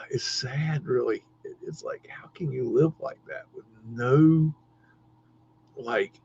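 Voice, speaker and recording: A man rambles slowly through a casual live-stream chat, breaking into laughter often and restarting his sentences. His voice is husky, and the stream audio sounds dull and lo-fi. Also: medium pitch. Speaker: livestream host.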